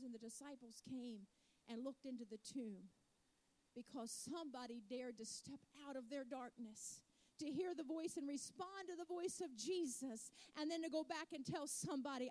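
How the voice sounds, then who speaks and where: A woman's voice: sits high, moderate pace, darkish tone. A middle-aged woman preacher delivering a storytelling sermon that builds to fervent exhortation.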